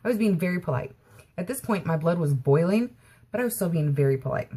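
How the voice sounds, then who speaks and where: A woman's voice: fairly low pitch, lively intonation, fast talker, dark tone, husky. A woman vlogger telling an indignant story-time rant and constantly quoting what she said.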